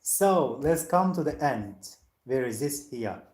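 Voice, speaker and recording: An IELTS teacher leading a practice speaking exam, lively and quick to laugh, slipping into playful impressions of casual speech. The voice sits at an ordinary pitch and carries a noticeable echo from the room around it. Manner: animated, laughs often, mimics slang voices. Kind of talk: mock speaking exam chat.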